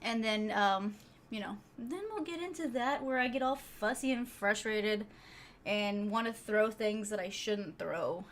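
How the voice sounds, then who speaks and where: A woman's voice: medium pitch, unhurried, fairly bright tone, slight background noise. A woman streamer, chatting casually and laughing with her live chat viewers, a little out of breath. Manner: laid-back, chatty, laughs often, trails off with fillers.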